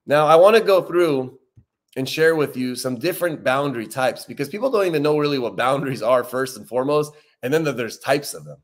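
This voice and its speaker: A man hosting a recovery livestream in a relaxed, conversational way. He often repeats his key points for emphasis and slows down on important lines. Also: mid-range voice. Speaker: recovery talk host. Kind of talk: casual livestream talk.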